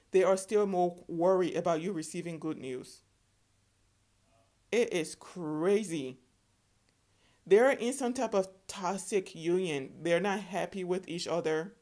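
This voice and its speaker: A woman's voice: lowish voice, darkish tone. A woman giving a spiritual tarot reading in an emphatic way, often checking in with the listener and calling them honey. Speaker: tarot reader.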